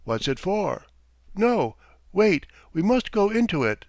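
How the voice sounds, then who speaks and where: A man voicing a cautious, sober male lawyer in a measured, dry tone. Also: high-pitched, very animated, darkish tone, no echo, voice pushed up, heavily acted.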